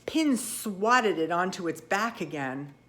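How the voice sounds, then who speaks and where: A woman narrating a children's storybook in the first person, with expressive, lively delivery. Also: fairly low pitch, slow. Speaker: audiobook reader.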